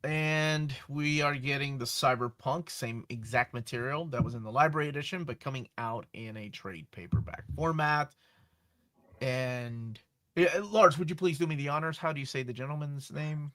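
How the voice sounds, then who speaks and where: Bright, excitable man hosting a comic chat. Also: medium pitch, normal speed. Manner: enthusiastic, exclaims. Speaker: show host. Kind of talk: casual chat about comic previews.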